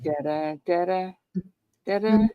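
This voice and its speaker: A woman runs a live giveaway stream with relaxed, playful patter and little sing-song flourishes. Her voice sits slightly low and moves at an easy, slow pace. The recording is dry and close, with almost no room sound. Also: clear, resonant tone, no room sound, phone-quality sound. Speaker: host of a live coin giveaway show. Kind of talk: casual live-stream chat.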